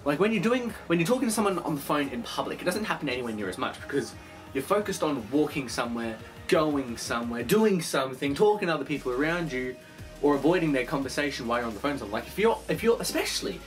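A young man vlogging from his bedroom in a casual rambling monologue, animated, swearing a lot and acting out the voices of phone calls. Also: a little high, quick pace, soft background music.

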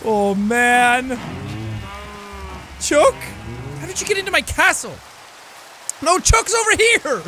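A man giving excitable let's play commentary, swinging from yelling outbursts to low mutters. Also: slow pace, pauses often, soft background music. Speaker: gameplay commentator.

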